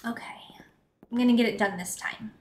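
A woman's voice: on the high side, fairly even intonation, fairly quick, faint music behind. A woman streaming a video game, chatting casually and grumbling sarcastically, with frequent swearing. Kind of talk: casual live-stream chat while gaming.

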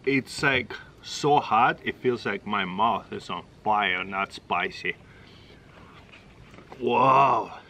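A man's voice: fairly low pitch, very slow, pushed and bright, slight background noise, low-quality recording. Russian-accented man hosting a taste test. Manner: chatty, exclaiming, short broken phrases. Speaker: channel host. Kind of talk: casual taste-test vlog.

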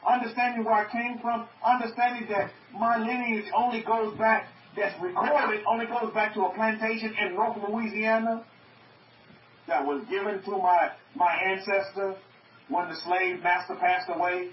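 A man's voice: high voice, fairly even intonation, moderate pace, a little hiss or hum. A man preaching to an online group, emphatic, repeating his phrases and asking his listeners questions. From North America. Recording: muffled, echoey, from far off.

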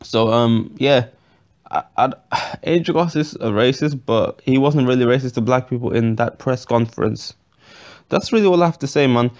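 A man's voice: mid-range voice, normal speed, darkish tone. Rambling, blunt male boxing vlogger. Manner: rambling, many fillers and restarts; blunt, swears casually. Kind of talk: casual opinion vlog.

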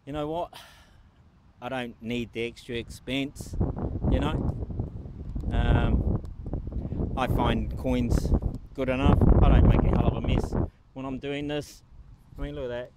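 Wind rushes through this outdoor recording of a New Zealand-accented man metal detecting in a park, chatting to camera with cheerful, self-deprecating humor. His mid-range voice keeps a fairly even intonation, and he talks unhurriedly with long pauses.

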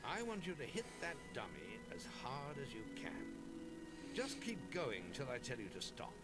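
An actor playing a gruff older male guild master who trains a young recruit in a video game, brisk and commanding. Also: mid-range voice, huge pitch swings. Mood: instructive. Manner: brisk, commanding, calls the player lad. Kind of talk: video game cutscene dialogue. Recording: game audio with loud music.

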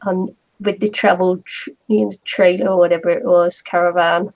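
Gravelly New Zealand woman crafting on a call. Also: on the low side, level tone, normal speed, darkish tone. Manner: chatty, laughs often, murmurs to herself while working. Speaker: craft channel host. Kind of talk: casual chat while crafting on a video call. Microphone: video call. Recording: dull lo-fi call audio with faint noise.

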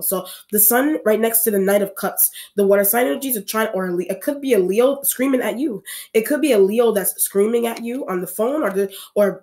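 A woman's voice: mid-range voice, darkish tone. Rambling woman giving a tarot reading. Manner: rambling, many restarts and repeated phrases. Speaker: tarot reader.

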